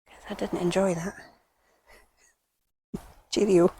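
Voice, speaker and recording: A woman with a British accent hosting a gardening vlog outdoors at an allotment, talking to camera and often dropping to a hushed whisper. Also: mid-range voice, little pitch movement, slow pace, breathy edge, no room sound. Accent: British English. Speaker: gardening channel host. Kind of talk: casual vlog talk to camera. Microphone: small clip-on microphone.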